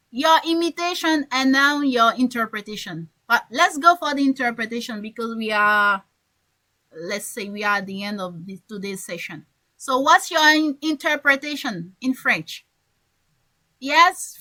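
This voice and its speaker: A woman's voice: high-pitched, bright, forceful tone, low-quality recording. A woman English coach teaching a class, who encourages her learners and repeats key phrases.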